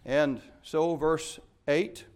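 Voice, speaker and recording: A pastor preaching a sermon, a man who retells scripture in his own words and stresses his points with sudden rises and drops in loudness. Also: on the high side, fairly even intonation, extremely slow. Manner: emphatic preaching with wide swings in loudness.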